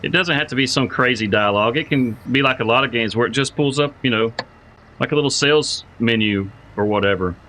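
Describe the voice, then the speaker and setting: Bright-voiced man chatting on a game stream. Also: mid-range voice, a little fast, a little hiss or hum, low-quality recording. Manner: rambling, repeats words while thinking aloud; friendly, greets chat viewers by name. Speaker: livestreamer playing a farming game. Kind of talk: casual live-stream chat.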